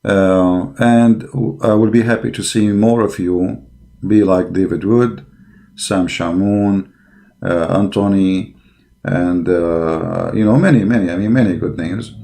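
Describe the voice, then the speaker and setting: A man's voice: low voice, steady tone, slow, creaky, mellow. A man giving a combative religious monologue, blunt and scornful, speaking emphatic English with broken grammar. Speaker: religious polemic commentator.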